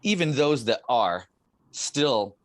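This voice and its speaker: A middle-aged man hosting a podcast, speaking earnestly and haltingly, restarting and repeating words as he works out his ideas. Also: mid-range voice, very animated, no echo. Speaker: podcast host. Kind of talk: reflective podcast conversation.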